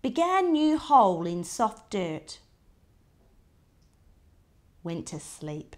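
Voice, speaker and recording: A woman reading a picture book aloud to a child, in short diary entries with soft asides pointing things out. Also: medium pitch, sing-song, very slow.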